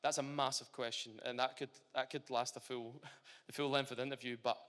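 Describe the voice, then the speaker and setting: The long reverberation of a big hall surrounds a young Scottish former footballer as he talks animatedly in a casual live-event interview, often restarting himself. His voice is clean in tone, medium in pitch, and fairly quick.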